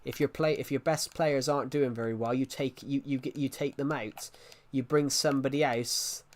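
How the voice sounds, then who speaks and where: A man's voice: medium pitch, fairly even intonation, normal speed. A man chatting casually on a live stream, rambling and repeating himself as he restarts phrases. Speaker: game streamer.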